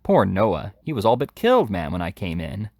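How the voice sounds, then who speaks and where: A fierce servant woman who scolds and shrieks, as a man reading aloud puts her on. Her voice sits raised and sharp over the reader's low register. The sound is close and dry. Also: huge pitch swings, normal speed, dry recording, full character voice. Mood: scolding. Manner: shrill, scolding. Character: hot-tempered older woman servant.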